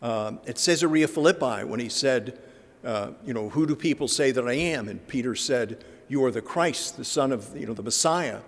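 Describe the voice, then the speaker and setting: A man's voice: mid-range voice, moderate pace. A man in the middle of his voice range gives a Lenten talk in a church, the sound trailing off in a long reverb. He talks casually, with plenty of fillers, and slips into acting out gospel dialogue as he goes. The recording is a plain parish lecture. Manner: conversational, with filler words and acted-out gospel dialogue. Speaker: guest speaker.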